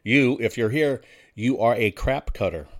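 A man's voice: mid-range voice, lively intonation, unhurried. A male talk show host speaks in a folksy, combative way, often turning to the audience with rhetorical questions. His voice sits in an ordinary middle range. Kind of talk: casual talk show monologue.

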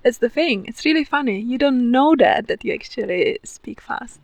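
Quick-talking woman interviewer, higher voice. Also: lively intonation, vocal fry, no echo, muffled recording. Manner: quick, cheerful, talks fast. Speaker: interviewer and channel host. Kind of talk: interview chat.

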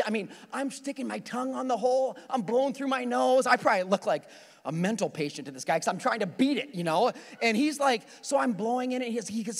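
Animated preacher in an echoing church. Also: male voice, high-pitched. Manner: animated storytelling, acting out his own panicked prayers. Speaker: pastor. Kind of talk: sermon with personal story. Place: church auditorium. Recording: long hall reverb.

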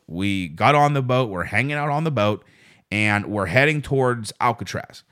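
A male podcast host spinning a rambling, self-deprecating story on his own, with plenty of swearing. His pitch rises and falls a lot as he talks, at a middling register. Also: expressive, moderate pace, fairly bright tone. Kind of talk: casual solo podcast storytelling.

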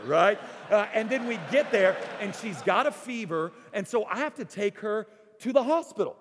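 Animated preacher in a reverberant hall. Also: male voice, high-pitched, brisk, hardly any pauses. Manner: animated storytelling, swings from loud to hushed. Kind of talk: sermon.

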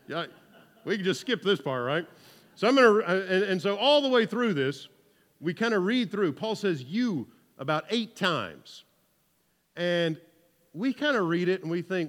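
Southern male pastor, bright ringing voice, fairly high, conversational sermon full of "right?" asides, live in a church hall. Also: very animated, a little slow. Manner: conversational, keeps asking "right?", jokes with the congregation. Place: church hall with about seventy people.

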